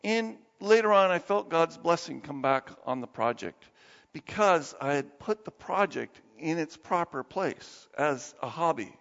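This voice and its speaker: A male pastor preaching a sermon in a lively, conversational way, acting out the quoted voices as he goes. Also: fairly high pitch, unhurried, big-room sound, highs cut off. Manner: animated, acts out quoted voices.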